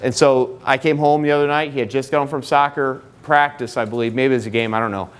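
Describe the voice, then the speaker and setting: A man's voice: medium pitch, steady tone, fast talker, hardly any pauses, smooth. A middle-aged man speaking live to an audience at a marriage seminar, conversational and joking, full of personal anecdotes.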